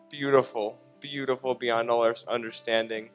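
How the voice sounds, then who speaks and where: A man's voice: mid-range voice, little pitch movement, normal speed, hardly any pauses, soft background music. A young adult man earnestly recounting a personal testimony on a church stage. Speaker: church guest giving testimony.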